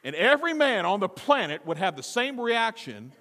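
A lively male preacher with a high voice that swoops widely, acting out scenes and firing questions at his listeners. Long reverb rings around him in a large hall. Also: normal speed. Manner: animated, theatrical, questions the audience. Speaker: pastor. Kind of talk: sermon.

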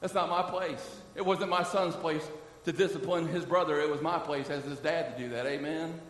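A middle-aged male pastor preaches with a high, ringing voice, sprinkling his sermon with quick "amen?" and "listen" asides. He sounds distant from the mic, and a long reverb trails each phrase through the church hall. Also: steady tone. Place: church sanctuary. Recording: echoey hall from far off.

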